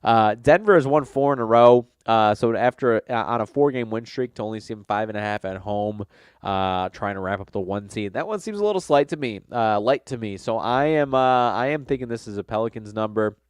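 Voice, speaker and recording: A man with a fairly low, clear voice, slightly nasal from a cold, runs through game picks in a casual, rambling way. He fills pauses with "uh" and corrects himself as he goes. The sound is close and dry, with no room around it. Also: no echo. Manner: rambling, frequent fillers and self-corrections. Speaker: sports betting podcast host. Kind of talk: casual solo sports betting talk.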